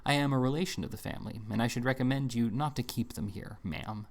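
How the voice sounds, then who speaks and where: A man reading the part of a blunt, stern older gentleman who speaks curtly and coldly in an audiobook. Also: mid-range voice, fast, voice pushed up, lightly acted. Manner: curt and cold. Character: blunt, stern older male moneyed relative.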